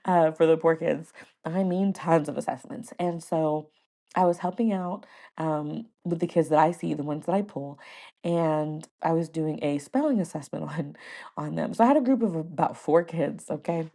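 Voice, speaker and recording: A woman who hosts a podcast and teaches first grade, telling a casual story with lively delivery, frequent laughter and playful mimicry of words. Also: sits low, normal speed.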